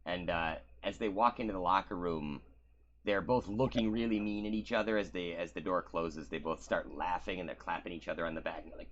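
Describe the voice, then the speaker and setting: A man's voice: low-pitched, fairly even intonation, fairly quick. A man narrating as game master of a tabletop game, casual and meandering, with many fillers. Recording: muffled lo-fi audio.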